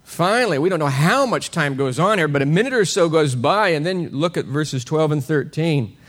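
Animated man preaching a sermon. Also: a little high, moderate pace. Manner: animated, rhetorical questions, chuckles while teaching. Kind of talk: expository sermon.

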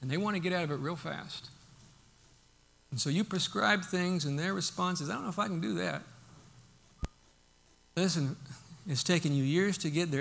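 Male pastor, high-pitched and folksy, preaching conversationally with frequent restarts. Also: vocal fry. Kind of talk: sermon.

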